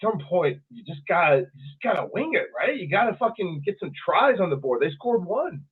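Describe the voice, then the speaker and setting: Guy cohosting a sports pod, kinda high voice, swears a lot, tinny phone-ish audio. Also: brisk, husky. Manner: animated, profane, mimics players in funny voices. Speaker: podcast co-host. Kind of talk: casual sports chat.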